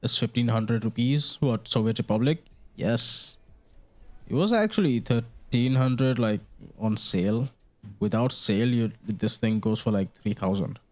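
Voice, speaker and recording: A man's voice: medium pitch, lively intonation, measured pace, darkish tone. A young man around eighteen from India, rambling jokily through casual gameplay commentary, swearing now and then. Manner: rambling and jokey, with frequent fillers and swearing. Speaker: gaming video creator. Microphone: desk microphone.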